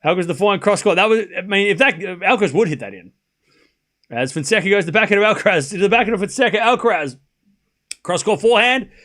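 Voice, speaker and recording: A man's voice: sits high, animated, fast, a bit bright. A man commentating a tennis match live on stream, chatty and incredulous, laughing often and talking to his chat.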